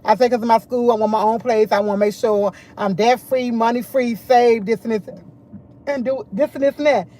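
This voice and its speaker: A middle-aged woman chatting casually to camera, full of animated retellings of what others said. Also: on the high side, fairly quick. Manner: animated, quotes others a lot. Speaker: vlogger.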